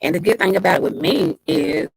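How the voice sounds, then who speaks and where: A woman's voice: medium pitch, lively intonation, a little fast, gravelly, breathy edge, dry recording, low-quality recording. A woman hosting a casual livestream, reading out viewer comments and greeting them by name. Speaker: livestream host.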